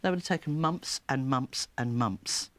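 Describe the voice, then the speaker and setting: A woman, a therapist, telling stories in an interview with a lively, laughing manner. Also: extremely low pitch, moderate pace, no echo. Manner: lively, animated storyteller who laughs often. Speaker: therapist and child coach. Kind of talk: storytelling interview.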